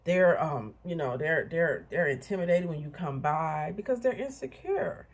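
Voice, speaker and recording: Husky, blunt woman in her fifties. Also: sits low, expressive, moderate pace. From Illinois, USA. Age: 50s. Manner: candid, blunt, chatty asides to viewers. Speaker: vlogger. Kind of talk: casual motivational monologue.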